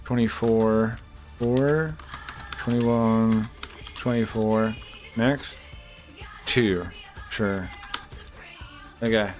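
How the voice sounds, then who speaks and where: A man's voice: lowish voice, extremely slow, pauses often, a little mellow. A man streaming live, chatting casually and rambling to his chat, with mild swearing and many fillers. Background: faint music.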